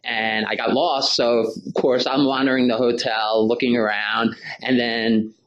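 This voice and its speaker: A man's voice: mid-range voice, little pitch movement, unhurried, a bit bright, dull audio. Chatty podcast host man in a roomy room. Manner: chatty storyteller, relays dialogue with lots of "I'm like". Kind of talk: casual interview chat, telling an anecdote.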